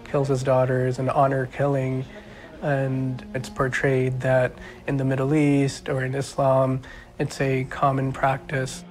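A man's voice: mid-range voice, completely flat delivery, a little slow. A man who knew the family, speaking indignantly and emotionally in a documentary interview. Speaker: family friend.

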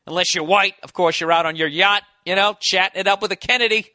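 A man in his forties holds forth alone on his podcast in a sarcastic, profane rant full of mock outrage. His voice sits high and sounds bright and sharp. The sound is dry and close, with no room in it. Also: fairly even intonation, fast, few pauses, dry recording. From United States. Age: 40s. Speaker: podcast host.

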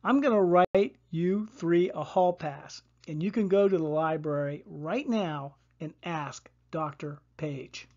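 A woman's voice: deep voice, slow, few pauses, mellow, lo-fi sound, heavily acted. A storyteller voicing an enthusiastic, encouraging female schoolteacher in a storybook reading.

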